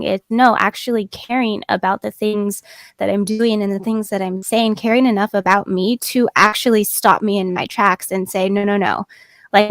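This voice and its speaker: A woman's voice: mid-range voice, gravelly, no echo. Young woman guest on a stream, earnest and personal, lots of likes and ums, dry sound. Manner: earnest, personal, with many fillers. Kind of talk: casual live stream chat.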